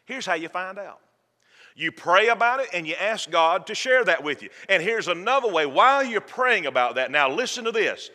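In a church sanctuary, a pastor delivers a folksy, fervent sermon and trades jokes with the congregation. His voice is high and sing-song, pushed and bright, moving at a moderate pace. A long church reverb hangs over the recording.

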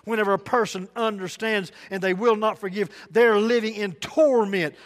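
A man preaching a sermon, telling folksy stories in dialect and shifting between loud and soft delivery. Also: high voice, steady tone, moderate pace. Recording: long hall reverb.

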